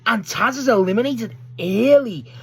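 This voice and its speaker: A young man chats casually through a wrestling match recap, and his voice sits high. He gets excitable and swears often, and he jumps into shouted impressions of the promos. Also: normal speed, husky. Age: young adult. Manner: excitable, swears a lot, acts out promo quotes. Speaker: wrestling video host.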